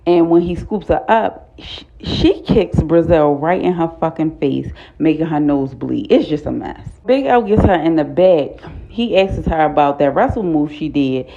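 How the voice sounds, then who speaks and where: A woman talks through a TV episode in a casual, blunt way, swearing freely. Her voice sits low and warm. The recording is dull and lo-fi. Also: measured pace, vocal fry. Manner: animated, blunt and profane, laughs often. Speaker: TV recap vlogger.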